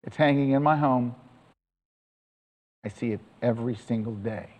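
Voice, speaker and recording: A man's voice: mid-range voice, moderate pace, darkish tone, big-room sound, poor audio. A man giving a chatty, enthusiastic storytelling talk to an audience as presenter.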